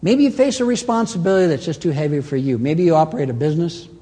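A man preaching a sermon as pastor, with dramatic swings between loud and soft and quick and slow. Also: on the high side, big-room sound. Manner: animated preaching with dramatic swings in loudness and pace.

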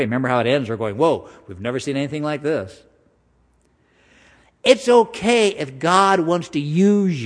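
A man preaching a sermon in a conversational style, slowing down for emphasis and acting out voices. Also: medium pitch. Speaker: pastor. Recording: long hall reverb.

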